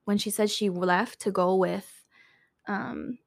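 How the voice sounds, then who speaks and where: A woman's voice: medium pitch, fairly even intonation, takes it slowly, vocal fry. A woman co-hosting a podcast, telling a story in a casual, chatty way, full of "like" and "um" and free with swear words. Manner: chatty, filler-heavy, swears freely. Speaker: podcast co-host.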